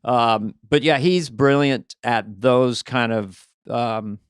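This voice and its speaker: A man's voice: medium pitch, takes it slowly, clear, resonant tone, no room sound, studio quality. A man hosting a podcast, chatting casually and playfully and asking his guest questions. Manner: playful, laughing, asks questions. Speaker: podcast host. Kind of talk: casual chat.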